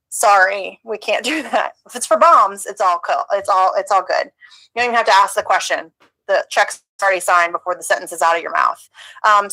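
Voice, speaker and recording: A woman's voice: mid-range voice, sharp tone, poor audio. A woman from the United States co-hosting a talk show, reading news aloud and adding sarcastic asides. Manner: reads steadily, adds sarcastic asides. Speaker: podcast co-host.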